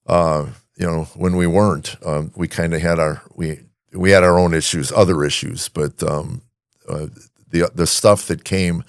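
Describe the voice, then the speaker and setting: A man hosting a podcast in casual chat, halting, with many fillers and restarts. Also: sits low, no room sound, studio quality. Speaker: podcast host.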